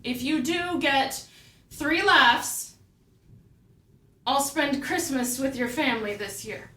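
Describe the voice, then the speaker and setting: Playful teasing woman, high, bright, slow, distant echoey stage. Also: heavily acted. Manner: playful, laughing bargaining. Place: small theatre stage.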